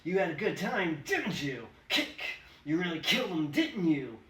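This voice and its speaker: A man's voice: fairly high pitch, sing-song, normal speed, voice pushed up. A man doing jeering brutal cops. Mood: gloating. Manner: jeering, shouting taunts. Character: gloating brutal male policemen. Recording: roomy, distant mic, faint hiss.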